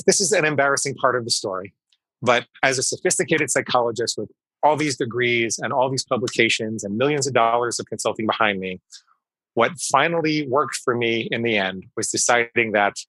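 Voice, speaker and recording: A man's voice: medium pitch, brisk, bright, forceful tone, dry recording, low-quality recording. A man in his fifties, a psychologist guest in an interview, explaining things emphatically and repeating key phrases. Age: 50s. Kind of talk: conversational interview storytelling.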